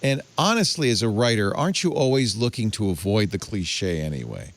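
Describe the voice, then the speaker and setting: A man's voice: fairly low pitch, big pitch swings, a little fast, dry recording. A man hosting a casual panel chat, musing aloud and laughing often. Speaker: host.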